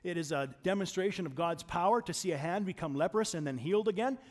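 Male preacher, fairly high voice, chatty sermon delivery, swings between loud emphasis and soft asides. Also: quick pace. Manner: conversational, repeats words when restarting.

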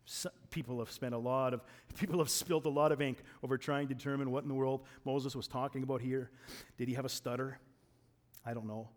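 A man preaching a sermon in a conversational way, often restarting and repeating words, and moving between raised emphasis and quiet asides. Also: mid-range voice, fairly even intonation, a little fast.

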